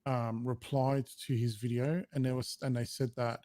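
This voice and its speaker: A man's voice: medium pitch, flat delivery, normal speed, warm tone, no room sound, clean studio sound. A man hosting a gaming podcast, talking casually with many fillers and restarts. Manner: reads a statement aloud while trying not to laugh. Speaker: podcast host. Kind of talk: casual chat.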